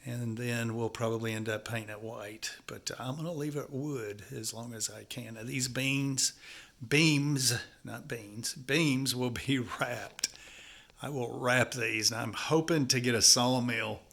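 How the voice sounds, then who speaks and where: A man with a gravelly, stuffed-up voice chats in a folksy, meandering way, calling his viewers folks. He sounds easygoing as he talks about his build indoors, at an ordinary pitch for a man. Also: unhurried, fairly bright tone. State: congested, stuffy nose. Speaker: home-building vlogger. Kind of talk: casual talk to camera while working. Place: house under construction, indoors.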